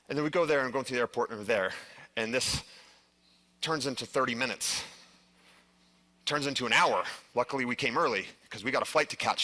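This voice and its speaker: A man's voice: mid-range voice, brisk, pushed and bright. A middle-aged man speaking earnestly to a live audience, telling a personal story with frequent restarts and filler words. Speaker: conference speaker. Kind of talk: live stage presentation.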